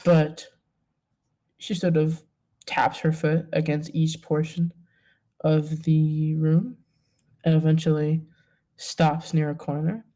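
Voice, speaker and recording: A woman narrating a tabletop game as game master, hesitant, with many pauses and fillers. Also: low voice, little pitch movement, mellow.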